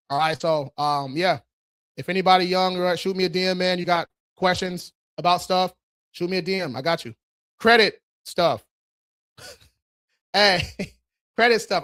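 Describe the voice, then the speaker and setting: A man hosting a casual live-stream Q&A on credit, talking loose and slangy with frequent swearing and laughter, and hyping viewers up with quick rallying calls. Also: high-pitched, fairly bright tone. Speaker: credit repair host.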